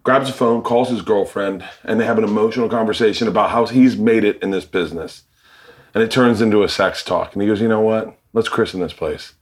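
A man's voice: on the low side, a little fast. A man, the host and a comedian, telling profane stories with energy in a casual chat.

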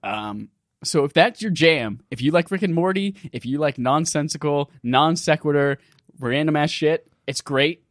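Animated, foul-mouthed podcast host. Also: male voice, a little high, moderate pace, no echo, clean studio sound. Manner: animated, profane, laughing storyteller. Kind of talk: casual gaming podcast chat.

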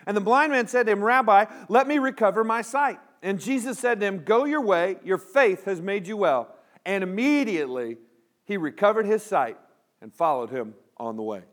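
A man preaches, his voice sitting high for a man. He rallies his congregation into call-and-response with plenty of humor. His delivery is energetic and animated. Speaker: pastor. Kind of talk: sermon.

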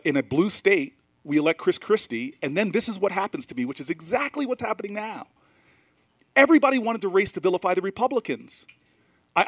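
A man with a slightly raised voice speaks to a live audience at a festival. He tells stories with animated energy, stumbling into restarts and side remarks as he goes. He is a senator from New Jersey addressing the crowd. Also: fairly high pitch. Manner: animated storytelling with frequent restarts and asides. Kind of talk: public talk at a festival.

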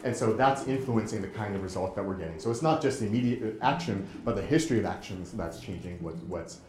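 A man giving a lecture and running an interactive game demo, talking in a halting way with many restarts. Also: lowish voice, reverberant. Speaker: presenter.

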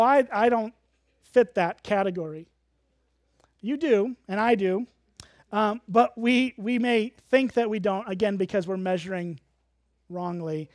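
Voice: mid-range voice, darkish tone, no room sound, clean studio sound. A pastor preaching a sermon, earnest and emphatic, explaining the meaning of words as they teach.

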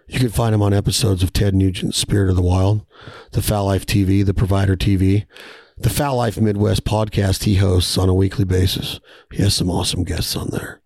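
A man voicing a laid-back late-night radio DJ, slow and drawn out in a low voice. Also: gravelly, darkish tone, husky, no room sound, full character voice.

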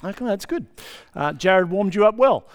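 Male preacher, high clear voice, chatty sermon delivery, reverberant hall. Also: lively intonation, moderate pace. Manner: conversational, checks in with the congregation. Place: church hall.

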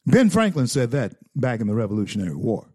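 A man's voice: medium pitch, big pitch swings, quick pace, warm tone, dry recording, clean studio sound. A male talk show host giving fervent political commentary, preaching and repeating phrases for emphasis.

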